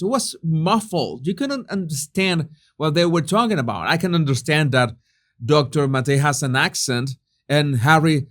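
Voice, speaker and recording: A man's voice: a little high, a bit bright. A man giving a sarcastic, profane commentary monologue, often restarting his sentences. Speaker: commentary channel host.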